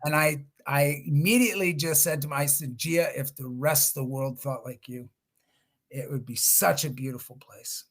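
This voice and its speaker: A man's voice: on the high side, fairly even intonation, normal speed, a bit bright. A middle-aged man speaking as a guest on a video-call webinar, telling stories in a conversational way with restarts and quoted voices. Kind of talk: webinar storytelling.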